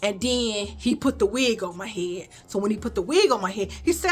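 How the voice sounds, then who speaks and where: A woman telling a childhood story in a casual, animated way, calling her viewers y'all and baby. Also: medium pitch, brisk, slightly rough. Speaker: storyteller vlogger.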